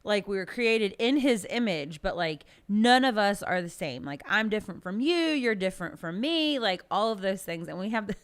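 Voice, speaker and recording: A young woman on a podcast, chatting casually and telling animated stories, often laughing. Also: medium pitch, normal speed, few pauses. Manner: animated storytelling, laughs a lot. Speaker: podcast guest. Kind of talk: casual chat.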